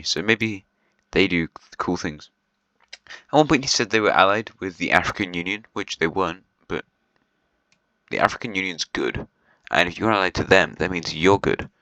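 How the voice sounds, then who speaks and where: A man's voice: deep voice, sharp tone, dry recording, low-quality recording. A man giving casual, rambling commentary on a video series, chatty and half-joking, with lots of ums and restarts. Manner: half-joking, with short laughs.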